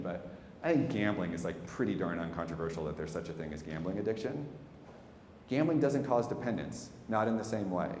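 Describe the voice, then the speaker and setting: Deep-voiced man telling a candid story. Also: a little hiss or hum. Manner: candid, animated storytelling with wry asides. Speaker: speaker. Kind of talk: public talk. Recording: echoey hall, faint ambience.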